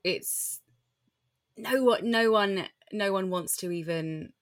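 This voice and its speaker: A woman's voice: mid-range voice, slow pace, no room sound, clean studio sound. A woman hosting an interview, earnest and agreeable, prompting her guest with questions. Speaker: interviewer, host. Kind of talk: conversational interview.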